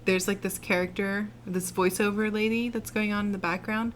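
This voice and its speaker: A woman's voice: mid-range voice, moderate pace, slight background noise. Giggly woman co-host. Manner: giggly, animated and playfully indignant. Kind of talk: casual podcast chat about a movie.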